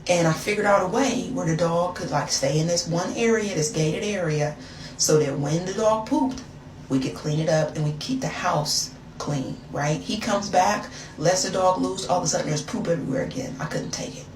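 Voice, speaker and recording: A woman's voice: lowish voice, normal speed. A woman telling a dramatic story in a chatty, slangy, casual way, heard in an echoey, noisy room from a distance.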